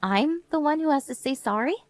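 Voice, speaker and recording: A woman's voice: high-pitched, a little fast, dry recording. A woman playing a tired young mother. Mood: resigned. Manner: earnest, pleading, then flat and resigned. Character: worn-out young mother and wife, pleading. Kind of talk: animated story narration.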